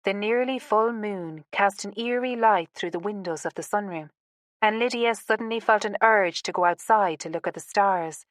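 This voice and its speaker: The recording is dry and studio-clean as a woman with a mid-range voice works through scripted narration of a romance audiobook. Her delivery stays measured and expressive, in a storytelling manner.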